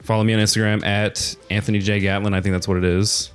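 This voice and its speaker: A man's voice: on the low side, level tone, quick pace, clean tone, faint music behind. Joking young man hosting a podcast. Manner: joking, loose, swears casually. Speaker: podcast host. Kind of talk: casual chat.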